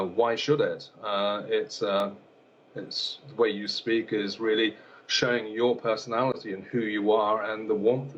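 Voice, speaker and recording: A man's voice: fairly low pitch, a little hiss or hum. A male elocution teacher answering interview questions hesitantly, often repeating words and using fillers. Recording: dull lo-fi broadcast sound.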